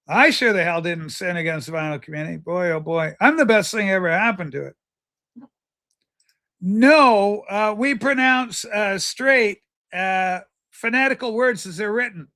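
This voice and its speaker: High, bright-voiced man hosting a livestream. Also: unhurried. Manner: rambling, jokey, talks to chatters by name. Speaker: livestream host. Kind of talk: casual livestream chat reading viewer comments.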